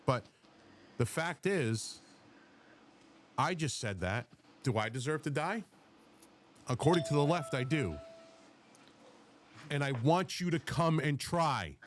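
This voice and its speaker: Brief: male podcast host, heated profane rant, lively up-and-down delivery, faint hiss behind. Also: a little high, takes it slowly, pauses often. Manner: blunt, profane, combative.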